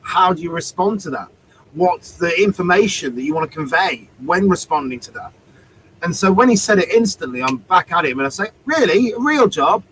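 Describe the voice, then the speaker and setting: A man, a street performer, telling a story in casual chat, animated and acting out both sides of an exchange. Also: a little high, fairly quick, slight background noise, rough recording.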